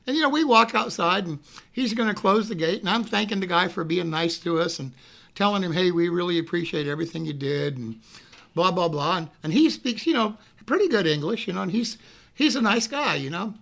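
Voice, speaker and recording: A middle-aged man rambling through a casual anecdote, often adding "you know what I mean" and loudly acting out what people said. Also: high voice, fairly quick, gravelly. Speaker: storyteller.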